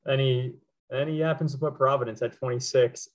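A man's voice: mid-range voice, steady tone, brisk. A man co-hosting a sports podcast, chatting casually, rambling and laughing often. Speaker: podcast co-host.

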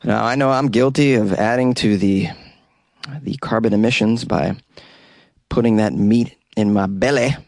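A man's voice: lowish voice, normal speed, vocal fry, darkish tone, no echo. A man hosting a comedic news show, reading stories aloud and breaking off into jokey asides.

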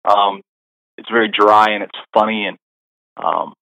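A man's voice: fairly low pitch, level tone, measured pace, gravelly, sharp tone, no echo, dull audio. A middle-aged man, a caddie guest on a podcast, telling stories in a rambling casual way, full of fillers and restarts. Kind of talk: casual interview storytelling.

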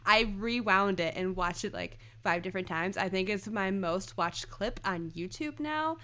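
A woman's voice: medium pitch, moderate pace, sharp tone. A woman co-hosting a casual podcast, gushing and laughing as she quotes favorite lines. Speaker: podcast co-host.

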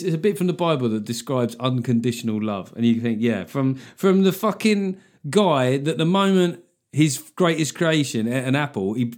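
A man's voice: mid-range voice, darkish tone. A man hosting his own podcast, talking through the week's news in a sweary, sarcastic, comic rant. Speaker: podcast host and comedian. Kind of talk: casual solo podcast monologue.

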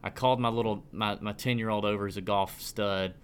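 A man's voice: fairly low pitch, fairly even intonation, fairly quick, clear, resonant tone. A man in his thirties hosting a casual podcast, ranting with lots of restarts and stumbles. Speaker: podcast host.

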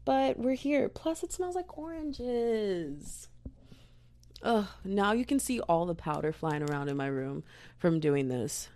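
Young female makeup vlogger, low fry-heavy voice, chatty and silly, poor home recording. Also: a little mellow. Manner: goofy, rambling, self-mocking, talks to viewers as "y'all" and "girl". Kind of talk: casual chatty makeup tutorial. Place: bedroom. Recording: poor quality audio.

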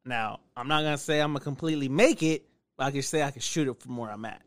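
A man's voice: medium pitch, fast, smooth. A man co-hosting a podcast, bantering casually with crude jokes. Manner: joking, profane banter. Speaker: podcast co-host. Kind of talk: casual chat.

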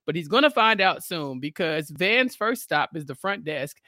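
A woman co-hosting a podcast, recapping a TV episode in casual, animated chat and acting out quotes. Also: low voice, normal speed, no echo, studio quality. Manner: animated, laughing, acts out quotes. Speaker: podcast co-host.

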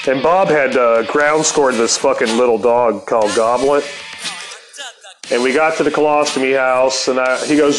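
A man's voice: medium pitch, steady tone, moderate pace, faint music behind, poor audio. A middle-aged man telling a rambling, profane anecdote and laughing often. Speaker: storyteller. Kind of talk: casual anecdote.

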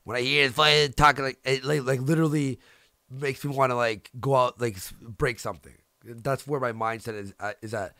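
A man's voice: medium pitch, steady tone, a little fast, creaky, sharp tone, no echo, studio quality. A man, a streamer hosting the show, ranting in heated casual chat, profane and repeating himself. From Canada. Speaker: streamer host.

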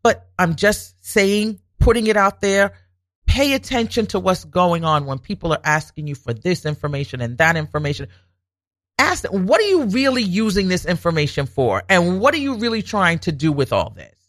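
A woman telling a personal story in a lively, swooping voice that climbs high and drops low as she acts out what everyone said. She leans on her points and repeats them for emphasis. The sound is close and dry, with no room around it. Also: moderate pace, no echo. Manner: animated, acts out quoted dialogue, emphatic repetition. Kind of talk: casual storytelling monologue.

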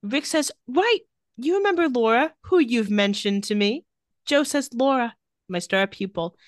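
A woman co-hosting a casual recap podcast who retells each scene with dry, sarcastic asides. Her pitch rises and falls a great deal as she reads the lines. The recording is dry and close to the mic. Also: animated, measured pace, no echo. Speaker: podcast co-host recapping a TV episode. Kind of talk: casual chat.

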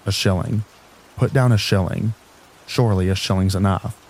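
A man's voice: low-pitched, moderate pace, darkish tone, rough recording. A man voicing a curt, irritable reclusive stranger who snaps and mutters. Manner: snapping, muttering.

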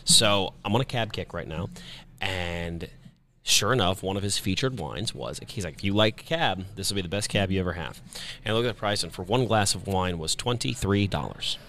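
A man from Kansas City, a radio host, telling an animated story in casual chat and acting out his own reactions. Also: low voice, moderate pace, a little hiss or hum.

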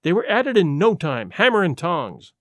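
A man's voice: high-pitched, sing-song, moderate pace, fairly bright tone, dry recording, studio quality. A man doing a nervous young secretary. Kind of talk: audiobook character voice.

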